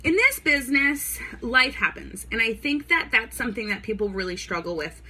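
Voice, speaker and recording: A woman's voice: fairly high pitch, animated, moderate pace, sharp tone. A young woman vlogger telling her own story in a casual, rambling way, full of "like" and "y'all". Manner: chatty, rambling, lots of "like" and "y'all". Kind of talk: casual talking-to-camera storytelling.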